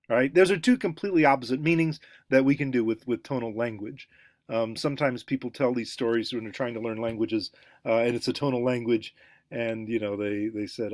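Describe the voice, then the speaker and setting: Halting man lecturing, full of fillers. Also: mid-range voice, darkish tone, dry recording, studio quality. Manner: halting, many fillers and restarts, demonstrating sounds aloud. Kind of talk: recorded lecture.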